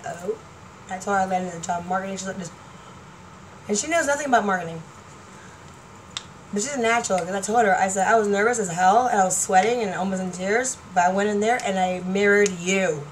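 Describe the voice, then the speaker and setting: A woman vlogger talking casually to camera, chatty and excitable, laughing often. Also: medium pitch, brisk, a little hiss or hum, rough recording. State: partially deaf.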